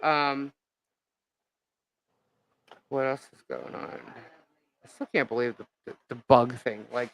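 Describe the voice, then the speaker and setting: A woman live-streaming as a vlogger, telling a gossip story in an animated, indignant way with lots of fillers. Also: a bass voice, slow pace, pauses often, no room sound, rough recording.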